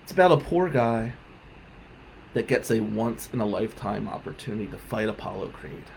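A man's voice: lowish voice, expressive, normal speed, gravelly, slight background noise, low-quality recording. Heartfelt man storytelling. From South Jersey. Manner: heartfelt, swings between loud emphasis and quiet reflection. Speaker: podcast host. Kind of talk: personal storytelling monologue.

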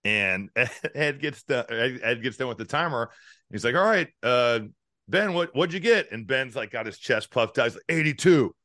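Bright-voiced storytelling podcast man. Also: medium pitch, normal speed, dry recording, studio quality. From Indiana. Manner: animated storyteller, laughs often. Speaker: podcast co-host. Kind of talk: casual sports chat.

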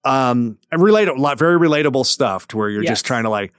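A man's voice: medium pitch, quick pace, no echo. Man casually reading a letter, dry studio sound. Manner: relaxed, joking asides while reading. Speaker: podcast host. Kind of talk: casual podcast chat, reading a listener letter aloud.

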